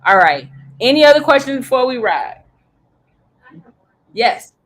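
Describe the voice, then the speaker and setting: A woman's voice: high voice, very animated, measured pace, a bit bright, rough recording. A woman business coach teaching a live workshop, telling stories with lots of energy, acting out quoted voices and swearing casually.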